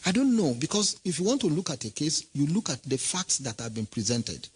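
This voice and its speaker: A man's voice: a little high, sing-song, a little fast, husky, poor audio. A man giving an impassioned political statement, emphatic and full of rhetorical questions.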